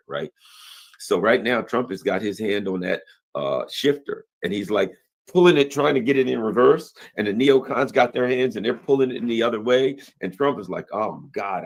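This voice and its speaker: A man with a low, somewhat husky voice rants casually through political commentary. His pitch swoops up and down as he drives each point home with rhetorical questions and quick impressions of other people. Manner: animated and emphatic, with frequent rhetorical questions; mimics other people in quick quoted asides.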